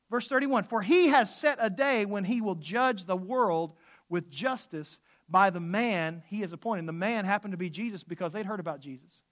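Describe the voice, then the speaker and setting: High-voiced animated male preacher. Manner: animated, swings from loud outbursts to hushed asides. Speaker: pastor. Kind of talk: sermon.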